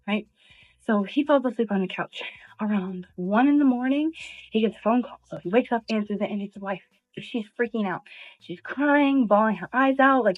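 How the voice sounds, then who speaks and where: A woman's voice: medium pitch, moderate pace, no echo. A woman casually telling a story to her viewers in a chatty way, acting out each person's lines. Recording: tinny phone-like sound.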